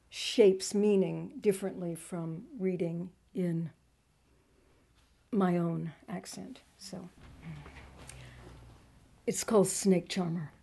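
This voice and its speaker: Hesitant slow-speaking woman poet. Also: mid-range voice, gravelly, mellow. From Texas, US. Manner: hesitant, many ums and pauses. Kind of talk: introducing a poem at a reading.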